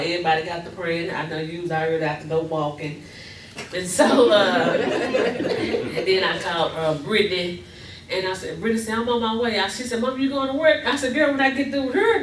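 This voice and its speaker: Starsza kobieta z południowym teksańskim akcentem, żywo opowiada, echo w sali, nagrana z daleka. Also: female voice, slight background noise. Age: older. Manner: animated, acts out quotes with big pitch jumps, laughs often. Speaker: grandmother sharing testimony. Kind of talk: casual storytelling testimony. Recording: echoey room, recorded from far off.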